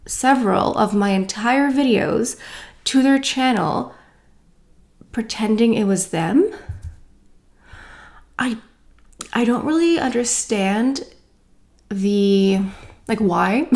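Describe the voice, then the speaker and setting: A woman's voice: a little high, darkish tone. A woman beauty vlogger chatting casually to camera, venting in an exasperated way with lots of fillers.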